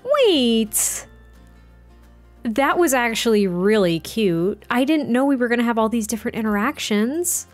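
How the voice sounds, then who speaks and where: Narrating a life-sim game for her let's play, this young woman is chatty and exclaiming, often correcting herself. She speaks in an unhurried, animated, slightly high voice while quiet music runs in the background.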